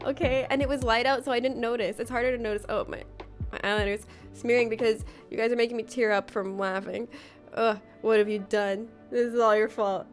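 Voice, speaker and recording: Keep it loose: a woman chatting with her chat mid-game, lots of "like", breaking into laughs. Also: a little high. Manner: giggly, rambling, lots of "like". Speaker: livestreamer. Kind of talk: casual chat with viewers.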